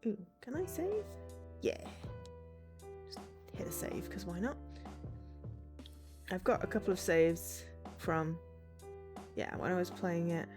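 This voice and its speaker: Expressive woman streamer reading a game. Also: lowish voice, slow pace, pauses often, over music. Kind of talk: reading a story game aloud and chatting.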